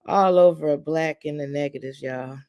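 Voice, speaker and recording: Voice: mid-range voice, moderate pace, clean tone, highs cut off. A livestream host chatting casually with viewers, greeting them by name and teasing them in playful slang. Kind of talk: casual live chat with viewers.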